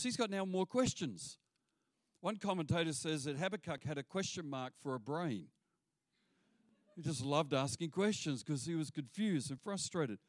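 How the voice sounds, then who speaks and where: With a slightly high voice and a moderate pace, a pastor gives an animated sermon, acting out quoted voices. The recording carries no room sound.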